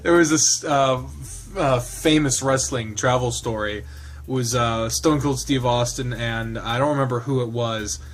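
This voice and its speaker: A man's voice: medium pitch, a little slow, slight background noise. A man with a mid-range voice narrates a visual novel aloud. He breaks off into loose, chatty commentary, laughs along at the jokes and swears in his asides.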